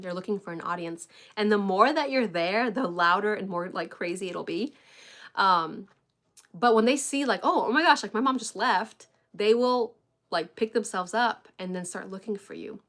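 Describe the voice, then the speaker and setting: A woman's voice: medium pitch, a bit bright. A young adult woman coaching parents in a casual livestream chat, talking loosely with many "like"s and "y'all"s. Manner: chatty, filler-heavy, says "y'all" and "like" often. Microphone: live stream webcam.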